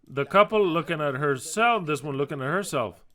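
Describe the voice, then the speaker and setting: Preacher, male, Spanish accent, emphatic and repetitive, bright tone. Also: fairly high pitch, normal speed. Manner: animated, emphatic, repetitive with frequent restarts. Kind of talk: sermon.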